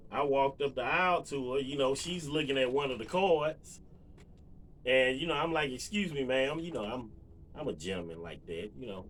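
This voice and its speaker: Man, casual storyteller; bright, lively delivery full of fillers. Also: medium pitch, moderate pace, a little hiss or hum. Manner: relaxed, rambling, lots of fillers and asides to viewers. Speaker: vlogger.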